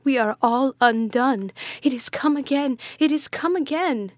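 A frightened young maidservant, as a woman reader puts her on, pleads in a high, breathless rush. Her voice climbs and pushes louder than the narration. The recording is dry and close. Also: slow pace, slightly rough, no echo, exaggerated voice. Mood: terrified. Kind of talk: audiobook character voice.

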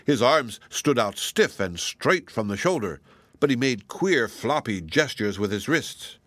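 A man narrating a children's storybook with lively, expressive delivery. His voice is bright and forward, and the recording is dry and close. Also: mid-range voice, unhurried, no room sound. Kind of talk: storybook reading.

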